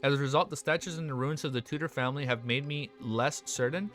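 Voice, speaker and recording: Regular-voiced guy reading a novel and reacting, says like and bro a lot, soft music in the back. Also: medium pitch. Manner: slangy, excitable asides. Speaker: web novel reader and reactor.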